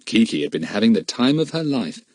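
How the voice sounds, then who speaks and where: A man reading a children's adventure novel aloud as narrator, in a steady storytelling manner. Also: medium pitch, fairly quick, no echo, studio quality. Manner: steady storytelling, shifting into character voices. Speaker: audiobook narrator. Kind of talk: scripted narration.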